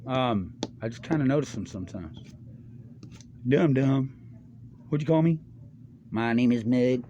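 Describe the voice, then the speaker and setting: A middle-aged man talking in a rambling, stream-of-consciousness way. His voice sits at an ordinary pitch for a man. His speech is loose, full of slang and swearing, and hops from subject to subject. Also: mellow, muffled recording, slight background noise. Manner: loose, slangy and profane, jumps between topics. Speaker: monologuist.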